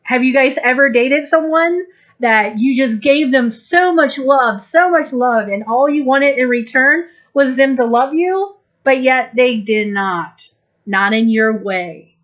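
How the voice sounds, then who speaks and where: A woman giving a channeled spiritual talk, speaking slowly, gently and deliberately, and acting out small quoted exchanges. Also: on the high side. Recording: dull lo-fi recording.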